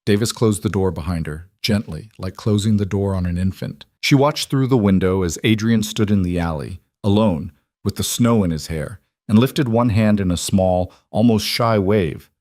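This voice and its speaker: Low-voiced calm male narrator. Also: normal speed, few pauses, no echo, clean studio sound. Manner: calm, even storytelling. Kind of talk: scripted narration.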